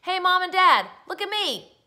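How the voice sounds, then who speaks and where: A high, bright-sounding young boy, eager and reckless, always showing off and calling for someone to watch him, as a woman reading a storybook puts him on. He boasts in quick, lively bursts. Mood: excited.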